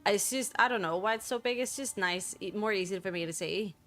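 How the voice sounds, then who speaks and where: A woman's voice: mid-range voice, fairly quick, fairly bright tone. A woman with a mixed Danish and Irish accent, chatting casually while gaming and talking through what she sees on screen. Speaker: gamer.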